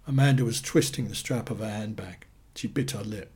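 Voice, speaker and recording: A man reading short stories aloud in a dry, deadpan way. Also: on the low side, brisk, few pauses, husky. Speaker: narrator.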